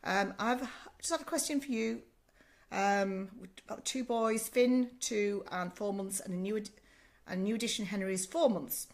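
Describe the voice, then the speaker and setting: An older Australian woman talks through a casual live-stream Q&A in a warm, motherly, chatty way. She keeps checking in with "okay?" and calls people "love". Her voice still sounds a little rough as it recovers from a sore throat. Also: medium pitch, normal speed. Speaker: sleep consultant answering live questions.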